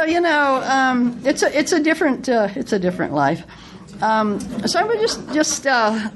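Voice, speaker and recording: A woman with a fairly low voice talks through a book she has read, in a casual, conversational way. She retells its episodes plainly. A faint hiss sits under the recording. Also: a little mellow. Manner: conversational, retelling anecdotes with acted-out quotes. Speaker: book reviewer. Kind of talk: casual spoken book review.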